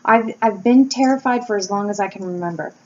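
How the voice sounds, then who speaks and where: A woman, chatting candidly to camera from home as a YouTuber, telling stories with lively energy and casual swearing. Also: mid-range voice, a little fast. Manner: candid, animated storytelling with swearing and laughs. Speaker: wax-melt YouTuber and blogger. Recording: slightly dull home recording with faint background noise.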